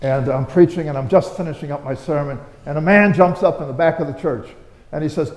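A man's voice: fairly high pitch, brisk. A man preaching a conversational, story-driven sermon, firing off rhetorical questions with sudden emphatic bursts. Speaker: pastor. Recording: roomy with long hall reverb.

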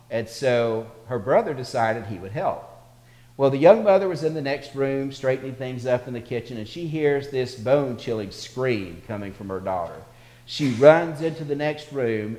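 A male pastor preaching to a congregation from a reverberant hall, his voice ringing on with a long tail of echo. He tells stories in a steady voice of middling pitch and swells in volume as he draws his points out. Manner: storytelling preacher, builds in volume for anecdotes. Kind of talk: sermon. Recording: echoey hall.

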